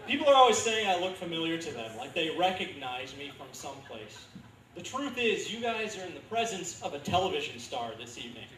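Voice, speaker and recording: Deadpan stand-up man in his thirties. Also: on the high side, a little fast, a little hiss or hum. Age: 30s. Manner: deadpan dark one-liners, dry delivery. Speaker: stand-up comedian. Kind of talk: stand-up comedy set. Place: comedy club stage. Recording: echoey club recording from far off.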